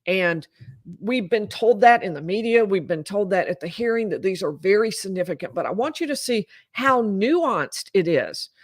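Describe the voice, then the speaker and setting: A woman's voice: medium pitch, lively intonation, normal speed, no room sound, studio quality. A woman lawyer giving live legal commentary in an explanatory, emphatic way.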